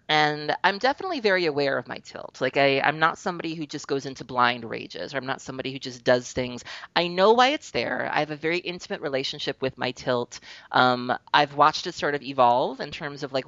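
A woman's voice: extremely low pitch, fairly bright tone, dry recording, muffled recording. A woman hosting a podcast, chatting candidly and laughing often. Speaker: podcast host. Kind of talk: casual podcast chat.

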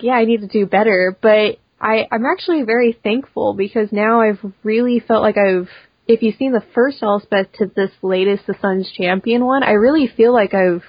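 A young woman chats through an interview in a quick, rambling way, peppering her talk with "like" and restarting her sentences. The room is dry and close, and the sound is a little dull and lo-fi. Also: fairly high pitch, breathy edge, no echo. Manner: chatty, quick, full of "like" and restarts. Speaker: cosplayer guest. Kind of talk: casual interview chat.

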